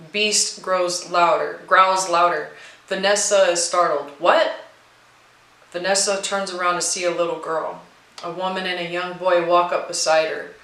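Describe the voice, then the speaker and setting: A woman narrating a horror storybook with a steady, expressive reading. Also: on the low side, echoey room, poor audio. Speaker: narrator and co-writer.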